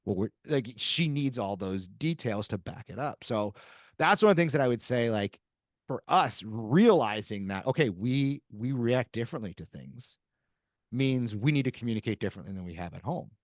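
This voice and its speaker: Animated male guest in a dry room. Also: medium pitch, moderate pace, no echo. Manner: animated storyteller acting out dialogue. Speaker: podcast guest, author. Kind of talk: casual interview conversation.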